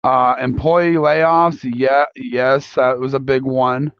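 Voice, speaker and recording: A young man hosting a convention panel, talking casually to the audience in a halting way with many restarts. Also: medium pitch, little pitch movement, clean tone, no echo. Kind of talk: live panel talk polling an audience. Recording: dull lo-fi recording.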